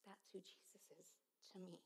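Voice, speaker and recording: A woman in her fifties giving a sermon with personal testimony, speaking slowly and earnestly with many halts, often dropping to a hush. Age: 50s. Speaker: preacher. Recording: long reverb of a large hall.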